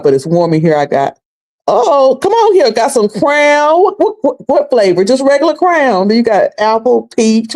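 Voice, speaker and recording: A woman's voice: on the high side, a little mellow. A woman from North Carolina chats her way through a home livestream. She rambles, loops back over the same phrases and laughs easily as she talks to her viewers. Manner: rambling, chatty, repeats herself, laughs often. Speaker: livestream host. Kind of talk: casual livestream chat. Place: home, a noisy washing machine upstairs.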